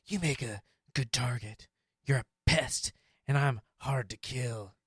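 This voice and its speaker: A man's voice: mid-range voice, measured pace, a bit bright, breathy edge, no echo, studio quality. A man voicing a self-important martial-arts action star who bosses a co-star around. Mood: menacing.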